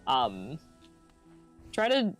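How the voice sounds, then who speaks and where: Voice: mid-range voice, drawn-out words, soft background music. Laid-back young co-host reading chat. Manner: relaxed, laughs often, gives game tips. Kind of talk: casual chat on a game stream.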